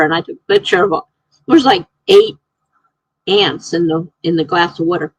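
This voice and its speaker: A woman live-streaming from home, chatting casually, reading viewer comments aloud and telling excitable stories. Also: lowish voice, normal speed, slightly rough, no room sound, rough recording.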